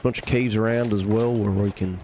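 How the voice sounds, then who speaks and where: A man's voice: on the low side, fairly even intonation, a little fast, warm tone, slight background noise. Wry man streaming a survival game. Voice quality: wry, joking. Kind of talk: casual gameplay commentary.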